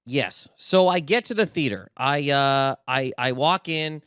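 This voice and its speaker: A man's voice: medium pitch, unhurried, a bit bright, clear, resonant tone, dry recording. A young man from Nova Scotia, a guest comedian telling a story in casual podcast talk, acting out quotes and swearing freely. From Canada, Nova Scotia.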